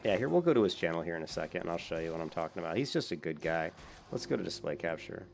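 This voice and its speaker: A man's voice: low-pitched, animated, very fast, vocal fry, darkish tone, a little hiss or hum. A man giving casual, rambling commentary while playing an online game, with many fillers. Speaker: gaming YouTuber.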